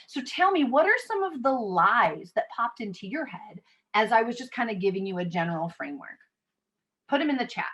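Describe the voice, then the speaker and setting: A woman's voice: a little high, big pitch swings, brisk, a bit bright. Woman leading an online workshop. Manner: conversational, reads audience chat aloud. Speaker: workshop facilitator. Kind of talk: live online workshop talk.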